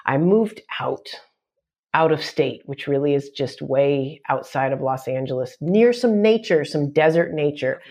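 Animated woman telling a wild story. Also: deep voice, unhurried. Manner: animated storyteller, acts out shouts and quotes. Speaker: guest comedian. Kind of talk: casual podcast storytelling.

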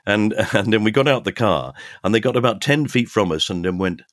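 An older man, a podcast guest, telling animated anecdotes and acting out the voices of people in them. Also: on the low side, a little fast, dry recording, studio quality. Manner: animated storyteller, acts out quoted voices. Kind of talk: casual anecdotes.

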